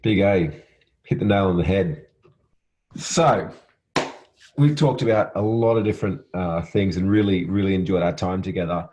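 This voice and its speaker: Male podcast host, very deep voice, affirming and relaxed. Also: moderate pace, long pauses, rough recording. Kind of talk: casual interview hosting.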